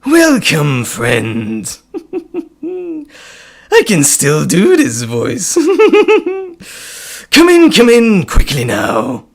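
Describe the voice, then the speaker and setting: A man putting on a booming, theatrical villain who welcomes guests and shouts in anger. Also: huge pitch swings, very slow, vocal fry, long pauses, heavily acted. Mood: gleeful welcome.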